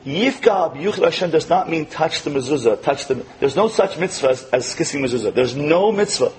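A man giving a storytelling sermon as a religious teacher, acting out quotes with animation and dropping to soft, tender tones. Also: a little high, lively intonation, a little fast, a little hiss or hum, rough recording.

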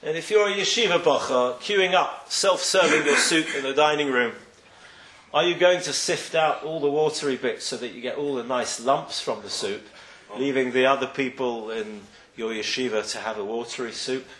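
Speaking at normal speed with medium pitch and a fairly bright tone, a man gives a rabbi's sermon. He narrates stories, performs the voices of those he quotes with strong rising and falling emphasis, and the room echoes.

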